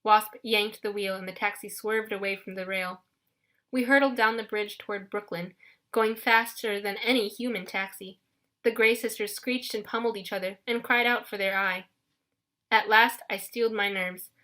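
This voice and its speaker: A woman narrating an audiobook in a lively first-person storytelling manner. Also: mid-range voice, normal speed.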